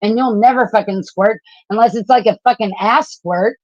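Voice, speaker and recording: A woman's voice: fairly high pitch, moderate pace, dry recording, muffled recording. A woman calling into a livestream who talks in a brash, crude, profane way. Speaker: guest caller on livestream.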